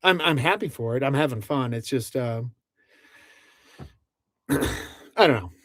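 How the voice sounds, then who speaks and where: A man's voice: medium pitch, expressive, slow pace, a bit bright, dry recording. Host, male, casual livestream talk, rambling and chatty, dry close sound. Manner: rambling, many restarts, laughs between lines. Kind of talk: casual livestream chat, reading out viewer comments. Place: inside a truck camper.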